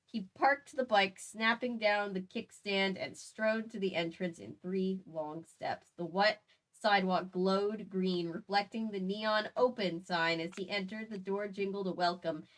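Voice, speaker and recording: Woman host reading a silly book out loud, cracking jokes between lines. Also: mid-range voice, measured pace. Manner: playful, chatty asides. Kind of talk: reading a book aloud with comedic commentary.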